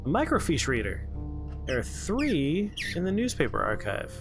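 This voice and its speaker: Streaming a horror game while its music plays clearly behind him, this man talks at normal speed in a fairly high voice with huge pitch swings. He keeps up jokey, rambling commentary full of puns and tangents.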